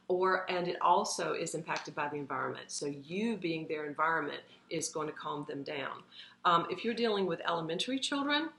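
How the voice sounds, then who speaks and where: Bright-voiced woman giving parenting advice. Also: on the low side. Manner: earnest, conversational, lots of fillers. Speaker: parenting educator. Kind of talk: live-streamed advice talk. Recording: echoey room, faint background noise.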